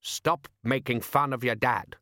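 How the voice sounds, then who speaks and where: A man's voice: mid-range voice, fairly even intonation, unhurried, bright, forceful tone, dry recording. A man playing a blustering, scheming middle-aged fisherman father in a comic fantasy audiobook. He lectures in a bossy, self-satisfied way, close and dry.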